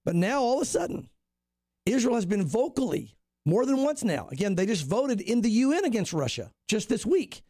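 Emphatic high-voiced male pastor. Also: normal speed, no echo, clean studio sound. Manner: animated, emphatic, rambling with restarts. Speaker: pastor, guest commentator. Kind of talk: casual radio talk on prophecy.

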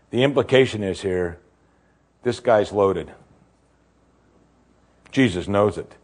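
A male pastor preaching a sermon in an animated way, full of rhetorical questions and acted-out voices. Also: fairly low pitch, slow pace, pauses often.

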